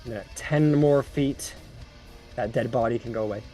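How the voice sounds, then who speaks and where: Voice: mid-range voice, moderate pace, soft background music. A game master narrating a tabletop game in a casual, filler-heavy way. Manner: casual, lots of fillers, lively.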